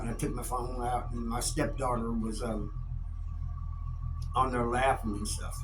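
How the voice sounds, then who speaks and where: A middle-aged man tells his stories in a relaxed, folksy way. His voice sits a bit high for a man. A faint background hiss runs under the recording. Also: poor audio. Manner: laid-back, folksy, animated when quoting people. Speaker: YouTube storyteller. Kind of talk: casual storytelling to camera.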